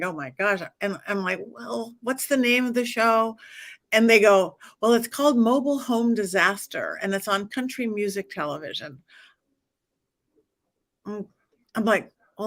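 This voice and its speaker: A woman's voice: a little high, fairly bright tone. A middle-aged woman, a psychic medium guest, telling stories in a casual interview, acting out dialogue and laughing often.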